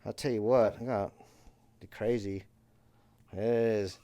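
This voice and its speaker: A man's voice: lowish voice, fairly even intonation, a little slow, mellow. A young man co-hosting a podcast, telling rambling stories in casual chat and acting out the voices of the people he quotes. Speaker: podcast co-host.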